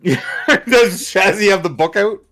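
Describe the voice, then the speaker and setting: A man acting as dungeon master, narrating and voicing characters in a tabletop game, with a halting way of talking and many restarts. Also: high voice, fairly bright tone.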